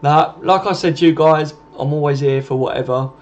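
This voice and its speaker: A man's voice: on the high side, moderate pace. A man with a chatty, laddish manner, hosting a casual live stream and replying to viewers' comments. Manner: laddish, chatty, swears, laughs often, reads out comments. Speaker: live-stream host answering chat. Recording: dull lo-fi stream audio.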